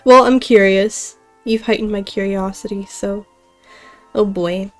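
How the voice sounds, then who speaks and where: Brief: bubbly young woman streamer, laughs a lot, slow unhurried chat, faint game music under her. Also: medium pitch, fairly even intonation. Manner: giggly, bubbly, reads chat aloud. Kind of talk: casual live-stream chat.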